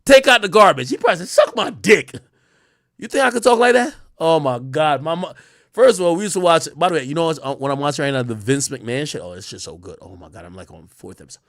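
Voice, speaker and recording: A man with a fairly high speaking voice rants through a livestream in heated, profane commentary. His pitch swings widely as he jumps from loud outbursts to muttering asides. The sound is close and dry, with no room echo. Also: lively intonation, quick pace. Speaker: livestream host.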